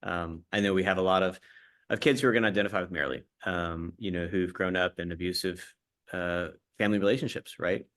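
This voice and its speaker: Halting male livestream host. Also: low voice, fairly even intonation, fairly bright tone. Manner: halting, many fillers and restarts. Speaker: host interviewing cast. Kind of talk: livestream interview.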